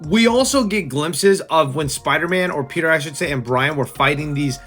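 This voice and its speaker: A young man casually recapping a comic, excited and slangy, acting out the scenes. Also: on the high side, normal speed, hardly any pauses, soft background music. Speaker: comic book reviewer.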